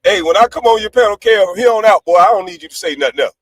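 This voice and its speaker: A high-pitched man rants brashly, swearing freely and switching from loud outbursts to low asides. His voice sits close and dry, with no room around it. It sounds like a heated livestream call-in. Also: lively intonation, rapid-fire, no echo, low-quality recording. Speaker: panelist on a live stream.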